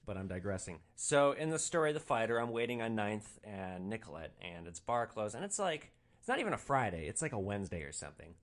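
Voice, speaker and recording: A man hosting a podcast, telling a story about his rideshare driving in a casual, animated way and swearing freely. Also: fairly low pitch, fairly quick, few pauses. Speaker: podcast host, rideshare driver.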